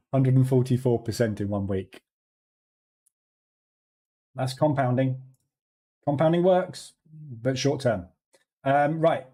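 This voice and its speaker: On a studio microphone, a man with a mellow, medium-pitched voice hosts a live trading stream. He keeps things casual, welcoming viewers by name and laughing without effort.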